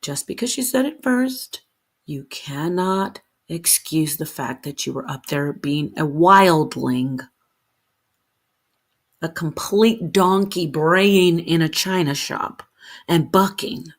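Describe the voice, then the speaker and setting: A woman's voice: sits low, slow. A woman hosting a livestream, talking to her chat, correcting herself as she goes and addressing viewers by name. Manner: self-correcting, animated, talks to herself and viewers. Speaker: livestream host. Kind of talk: solo livestream talk to chat.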